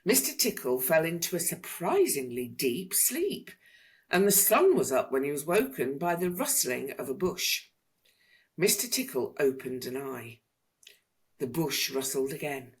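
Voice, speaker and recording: A woman reading a children's picture book aloud in an expressive, sing-song manner. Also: sits low, a little slow. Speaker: storyteller.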